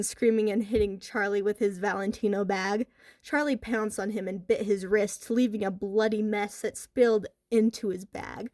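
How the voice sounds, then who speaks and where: A woman narrating a horror story in a lively, expressive way with a wry edge. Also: medium pitch, normal speed, dry recording, clean studio sound.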